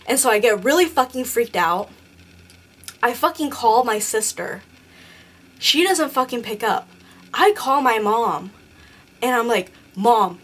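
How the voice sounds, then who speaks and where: A young woman telling a ghost story in a casual vlog, rambling and swearing constantly. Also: on the high side. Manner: profane, rambling, animated storytelling. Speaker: beauty vlogger.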